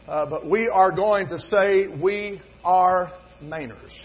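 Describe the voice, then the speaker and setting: A man's voice: high-pitched, slow pace, breathy edge. A middle-aged man, a pastor from North Carolina preaching a sermon in a church, telling folksy stories and rising to emphatic fervor. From North Carolina, USA. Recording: dull lo-fi recording.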